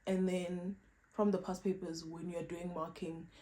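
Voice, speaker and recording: A woman's voice: on the low side, flat delivery, unhurried, dark tone, rough recording. Emphatic woman giving advice. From South Africa. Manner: emphatic, repeats points, playful asides. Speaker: vlogger. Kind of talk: casual advice vlog.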